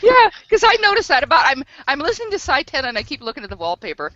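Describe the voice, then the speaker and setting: Lively bright-voiced woman laughing in chat. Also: high voice, fast talker, no room sound. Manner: animated, laughs often. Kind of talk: casual group video chat. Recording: dull lo-fi online call audio.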